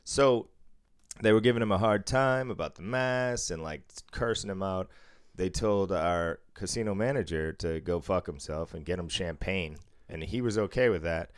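A man's voice: low voice, moderate pace, clean tone, dry recording, clean studio sound. A man from the Boston suburbs telling a story in casual chat, acting out quotes and swearing freely. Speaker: podcast co-host, casino worker.

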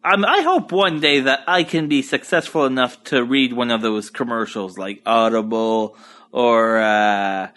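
A man's voice: mid-range voice, pushed and bright. A young man with an Acadian French accent, hosting a solo podcast from home in a crude, rambling, profane and easygoing way. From Moncton, New Brunswick, eastern Canada. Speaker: podcast host. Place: at home on a couch.

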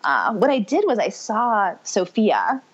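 A woman's voice: medium pitch, big pitch swings, unhurried, slightly rough. A woman guest telling her life story in conversation, rambling and correcting herself as she goes. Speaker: podcast guest. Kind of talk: personal testimony in conversation. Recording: muffled lo-fi audio.

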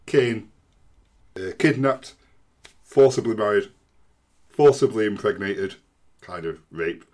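A man co-hosting a chatty podcast, his voice sitting a bit low. He explains things in a dry, matter-of-fact way. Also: lively intonation, takes it slowly, a little mellow. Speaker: podcast co-host. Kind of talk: casual chat.

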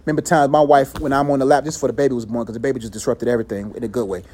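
A man leading a casual faith talk with a group, telling stories in a lively way, acting out voices in quotes and laughing often, with loose phrasing full of "like". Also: medium pitch, racing. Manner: animated storyteller who acts out quotes, laughs often; loose conversational phrasing with many "like"s.

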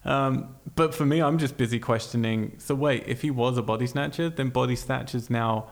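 A man's voice: medium pitch, moderate pace, gravelly. A man co-hosting a casual movie podcast, laid-back and wry as he recaps scenes. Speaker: podcast co-host.

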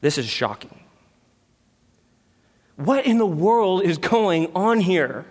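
A male pastor giving an earnest expository sermon, stressing key words and sometimes dropping to a quiet voice. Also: high voice, very animated, slow, breathy edge. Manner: earnest, emphatic preaching with sudden drops to quiet.

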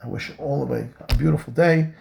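A man's voice: medium pitch, fast, vocal fry, background noise. A man, a rabbi, giving a Torah lesson in an earnest way, repeating key phrases for emphasis and mixing Hebrew terms into his English.

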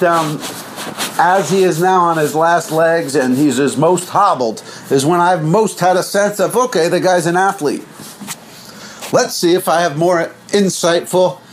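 A man hosting a podcast, talking in a loose, goofy, rambling monologue with big swoops in pitch. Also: slight background noise. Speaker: podcast host.

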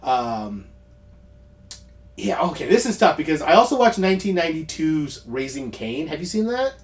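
A man co-hosting a podcast, chatting casually about movies, rambling with quick asides and frequent laughs. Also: on the high side, big pitch swings. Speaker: podcast co-host.

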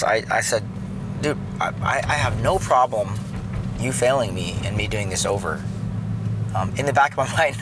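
A man tells a personal faith story, earnest and halting, with many restarts. His voice sits at a middle pitch for a man. The recording is outdoors, and road and traffic noise comes through clearly.

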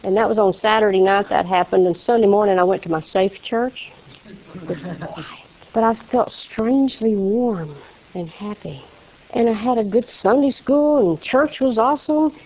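A woman with a gravelly, creaky voice tells her testimony in a folksy storytelling way. She acts out the voices of the people in her story. The recording is a little dull and lo-fi. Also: mid-range voice, moderate pace. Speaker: speaker giving a testimony. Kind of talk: personal testimony.

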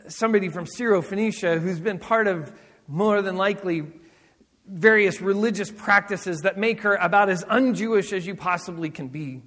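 A middle-aged man, a senior pastor, preaching with personal stories, animated and acting out voices, laughing often. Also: sits high, normal speed, in a large hall. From Southern California.

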